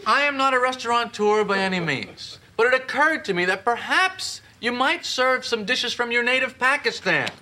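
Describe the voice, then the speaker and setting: A man's voice: very high voice, lively intonation, moderate pace, hardly any pauses, pushed and bright, exaggerated voice. An actor playing a wry, fussy and self-satisfied man in a sitcom clip. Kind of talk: sitcom dialogue.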